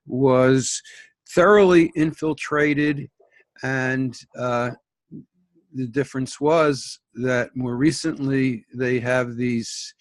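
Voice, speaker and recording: A man's voice: medium pitch, dry recording. Male host, conversational, storytelling, dry close sound. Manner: conversational, tells stories. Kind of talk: interview hosting.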